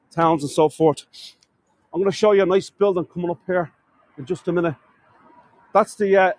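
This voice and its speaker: On a live walk through city streets, an Irish tour guide chats with his "folks" in a voice that sits high. He often trips over words and corrects himself, and the recording is dry.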